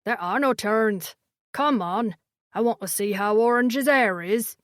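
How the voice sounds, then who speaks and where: A woman's voice: a little high, a little slow, no room sound, clean studio sound, voice pushed down, lightly acted. A woman voicing a small, eager male alien creature with a scratchy voice in an audiobook. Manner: eager and blunt. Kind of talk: audiobook character voice.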